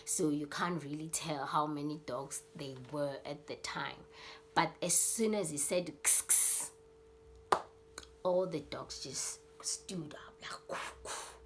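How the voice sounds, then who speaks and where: South African woman, unhurried, lowish voice, rambling storytelling with fillers. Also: a little hiss or hum. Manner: rambling, many fillers, acts out scenes. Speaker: YouTuber. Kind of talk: casual storytelling vlog.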